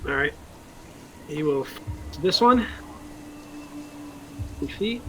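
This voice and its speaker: A man's voice: on the high side, animated, takes it slowly, pushed and bright, slight background noise, low-quality recording. A man playing a tabletop game, stating his turns in short, plain phrases. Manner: short, plain turn declarations. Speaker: player. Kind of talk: casual tabletop game talk.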